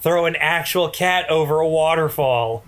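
Playful man with a higher voice. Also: normal speed, fairly bright tone. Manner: playful, jokey riffs. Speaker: podcast co-host. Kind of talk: casual chat.

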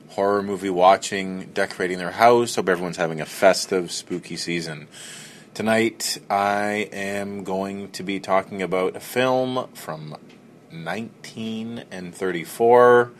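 Deep, slow-talking man hosting a podcast. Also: a little hiss or hum. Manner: rambling, relaxed, many fillers. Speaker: podcast host and film reviewer. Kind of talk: casual solo podcast talk.

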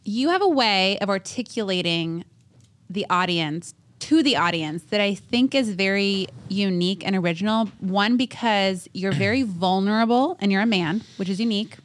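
A woman's voice: medium pitch, normal speed. A young adult woman co-hosting a podcast, chatting casually in an upbeat way. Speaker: podcast co-host, life coach. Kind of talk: casual chat.

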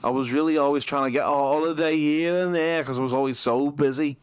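A Liverpool man putting on a gruff northern footballer who drawls his words out slowly and sounds a bit raised in pitch. His voice is dry and close to the mic. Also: fairly even intonation, no room sound, close to an everyday voice. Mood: drawling. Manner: slow, drawling, calls people "lad".

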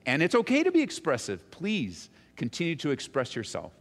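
A man preaching a sermon as pastor, earnest, his voice rising high and strong to stress points and falling soft and slow in tender moments. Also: huge pitch swings. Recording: long hall reverb.

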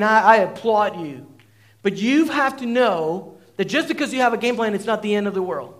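A man's voice: high voice, fairly bright tone. A man pastor preaching a sermon from a church stage, emphatic and repeating phrases for the congregation.

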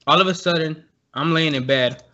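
A man's voice: fairly high pitch, moderate pace, muffled recording. A young man casually telling a story with lots of swearing, acting out what people said. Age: young adult. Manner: animated, profane, laughing, acts out voices.

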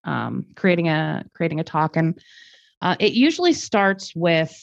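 A woman's voice: deep voice, sing-song, measured pace, gravelly, dry recording. A woman talking thoughtfully in a podcast conversation, explaining her ideas with restarts and fillers. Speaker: guest speaker. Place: lives in Germany. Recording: dull lo-fi sound, dry.

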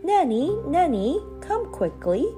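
Woman voicing a shrill naughty doll. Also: normal speed, mellow, soft background music, close to an everyday voice. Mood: frantic. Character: naughty mischievous girl doll.

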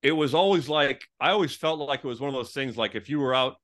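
A man in his fifties telling his life story as an interview guest, animated and conversational, often saying "like" and acting out what people said. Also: mid-range voice, fast talker. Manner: animated, fills with "like", acts out quoted people in a raised voice. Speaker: interview guest, former pastor.

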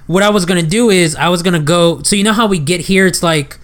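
A young man co-hosts a casual chat and recounts a mix-up. He rambles and halts, restarting his sentences, in a slightly high voice. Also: a bit bright. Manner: rambling, halting, full of restarts. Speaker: podcast co-host.

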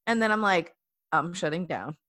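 A woman's voice: lowish voice, moderate pace. Chatty young woman telling stories. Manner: chatty, animated storytelling with many fillers. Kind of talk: casual storytelling chat.

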